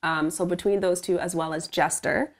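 A woman's voice: on the low side, steady tone, moderate pace. A woman voice-over artist, recording from home, chatting animatedly about her work with frequent laughs and fillers. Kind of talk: casual interview chat.

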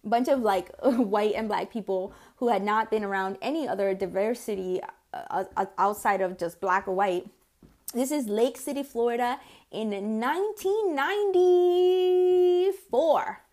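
A podcast host and consultant in her forties tells personal stories in a relaxed monologue, her mid-range, darkish voice moving at a moderate pace. She swears casually, keeps the talk chatty, and voices the people she quotes.

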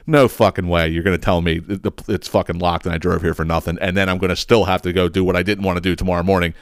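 A man's voice: sits low, dry recording, studio quality. A man who tells a story casually and with lots of swearing, acting out what people said. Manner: profane, animated storyteller who acts out quotes. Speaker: podcast host.

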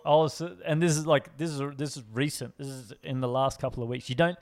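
A man's voice: medium pitch, steady tone, fairly quick, a little mellow. A man co-hosting a casual podcast chat, running through odd news stories with swearing and frequent laughs. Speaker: podcast co-host.

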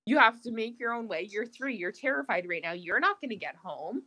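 A young woman in casual chat, telling an animated story, swearing freely and acting out the voices of people in it. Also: on the high side, a little fast.

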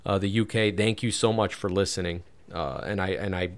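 A man's voice: low voice, steady tone, fairly quick. A man teaching through a Bible chapter in a casual podcast, chatty and prone to digressions, laughing at his own wordplay. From United States. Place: home room, creaky computer chair.

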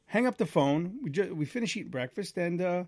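A man co-hosting a casual podcast, rambling through a story with restarts and asides. His voice sits a little high for a man, and it jumps louder whenever he acts out what someone said. The sound is close and dry, with no room echo. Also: a little fast. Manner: animated, acts out quoted voices loudly. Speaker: podcast co-host.

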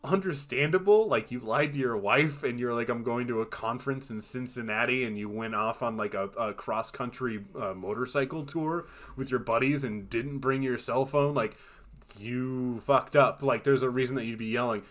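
A man's voice: medium pitch, normal speed, fairly bright tone. A man co-hosting a film podcast, talking casually and with animation, swearing freely and acting out quotes in exaggerated voices. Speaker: podcast co-host. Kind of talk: casual chat.

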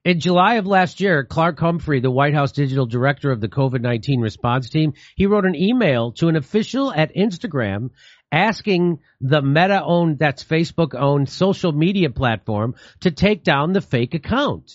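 A man's voice: a little high, expressive, moderate pace, no room sound, lo-fi sound. A man hosting a show, reading news stories with sarcastic asides in a casual commentary style. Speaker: show host.

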